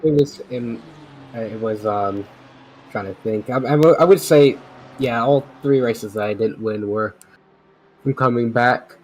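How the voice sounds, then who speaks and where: A man's voice: mid-range voice, unhurried, a little mellow, poor audio. A man who has just won a sim race, out of breath and hesitant as he talks about the win. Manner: breathless, overwhelmed, hesitant with fillers. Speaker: race winner guest.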